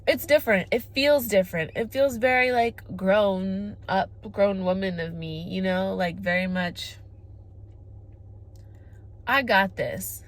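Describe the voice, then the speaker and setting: Talking slowly in a mid-range voice, a twenty-something female vlogger gives the camera a frank girl-talk monologue. She's emphatic, cursing frequently and filling her speech with "like."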